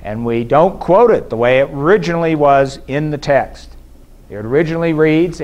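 A man's voice: mid-range voice, big pitch swings. Man giving an academic lecture. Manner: measured, explanatory, with frequent fillers and restarts. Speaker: scholar giving a conference presentation. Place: conference hall.

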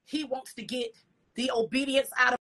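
Woman preacher, high bright voice, fervent sermon delivery with whispered asides. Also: steady tone, moderate pace. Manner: breathy whispered asides, repeated "come on" and "hallelujah".

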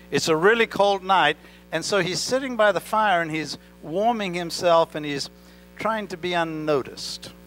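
A pastor with an accent preaching a sermon in church, talking directly to the congregation and asking them questions. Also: male voice, a little high, a bit bright, rough recording. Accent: non-native English accent. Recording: faint mains hum. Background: mains hum.

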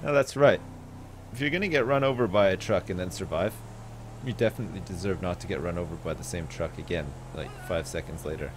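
A man streaming a video game, commenting live in an excitable, jokey way with plenty of swearing. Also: low-pitched, fast talker, noisy background.

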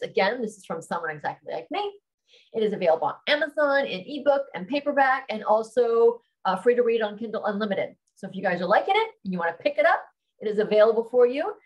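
A woman author reading her own romance novel aloud on a live stream, calm and steady, then chatting to viewers. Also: mid-range voice, low-quality recording.

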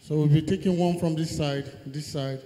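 A man hosts the event with formal, polite directions to the audience. His voice sits a little high. Long hall reverb follows each line. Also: fairly even intonation, a little fast, mellow. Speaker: master of ceremonies. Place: large lecture hall.

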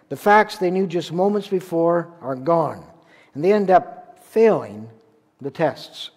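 A man's voice: fairly high pitch, darkish tone. A man from Ontario, Canada, preaching a sermon as a pastor, telling a story in a conversational way with rhetorical questions. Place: church sanctuary. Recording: long church reverb.

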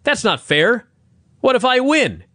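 A grumpy veteran male wrestler, whining and aggrieved, as a man acts him out in a recap. His voice is pitched high and lurches up and down. The recording is dry. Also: big pitch swings, measured pace, bright, forceful tone, no echo, heavily acted. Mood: indignant.

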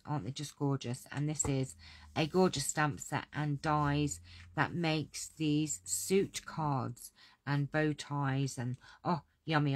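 A woman's voice: low voice, slight background noise. A middle-aged woman chatting through a craft catalogue, gushing and repeating her praise. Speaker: crafting demonstrator. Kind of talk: casual product walkthrough.

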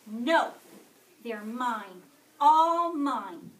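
A woman voicing a grouchy ladybug who shouts and picks fights, reading a storybook aloud to a class. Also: fairly high pitch, expressive, slow pace. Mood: bossy shouting. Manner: shouting, bullying. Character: loud bossy grouchy ladybug picking fights. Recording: echoey classroom from far off.

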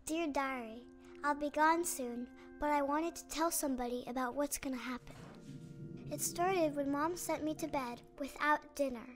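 A woman's voice: sits high, moderate pace, soft background music, lightly acted. A woman voicing a hungry little girl narrator. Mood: wistful. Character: hungry ten-year-old girl writing her diary. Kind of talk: narrated game diary voice-over.

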